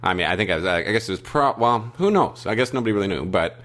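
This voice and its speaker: A deep-voiced man co-hosting a podcast, joking around and rambling with plenty of fillers. His pitch is low but swings widely. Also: animated, fast, fairly bright tone. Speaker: podcast co-host, teacher and actor. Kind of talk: casual chat.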